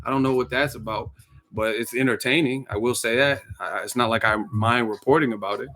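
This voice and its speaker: A man's voice: mid-range voice, fairly even intonation, a little fast, a bit bright. A man from the Bay Area hosting his own channel, giving a casual, joking, profane rant that is full of acted-out quotes. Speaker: boxing commentary channel host.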